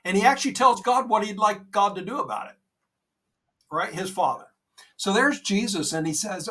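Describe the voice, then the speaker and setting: A man co-hosting a podcast, talking about faith in an earnest, gentle, reassuring way, often saying "you know". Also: sits high, big pitch swings, moderate pace, slightly rough, recorded from a distance. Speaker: podcast co-host. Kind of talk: conversational faith talk.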